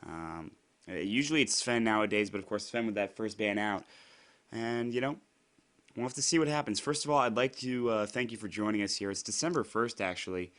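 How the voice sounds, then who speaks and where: A young man, slightly hoarse from being sick, doing solo play-by-play commentary in a chatty, rambling way with frequent fillers and self-corrections. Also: lowish voice, fairly quick, fairly bright tone. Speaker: esports commentator.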